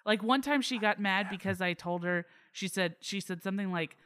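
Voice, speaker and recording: A woman's voice: medium pitch, a little fast, a little hiss or hum. A woman co-hosting a true crime podcast in casual chat, telling stories and acting out quotes. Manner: animated storyteller, acts out quotes. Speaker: podcast co-host.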